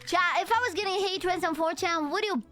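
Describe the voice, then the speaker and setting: A woman's voice: very high voice, brisk, over music. A young woman with a Romanian accent chatting casually and jokily with her stream viewers, full of slang.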